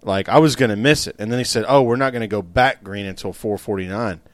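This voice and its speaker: A man co-hosting a casual sports podcast who speaks in a reflective, unhurried way, often pausing on fillers. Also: lowish voice, dry recording. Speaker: podcast co-host. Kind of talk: casual chat.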